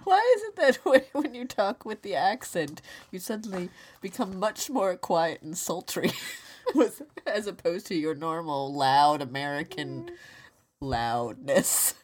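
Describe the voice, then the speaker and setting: A woman's voice: lowish voice, expressive, unhurried. Dry, teasing woman co-host. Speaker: podcast co-host. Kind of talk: casual co-host banter.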